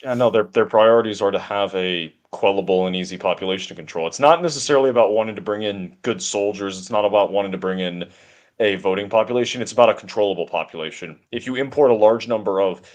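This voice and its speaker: A man with a fairly low voice delivers long, assertive political commentary as co-host of a talk stream. He talks in a steady flow and seldom stops. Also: quick pace.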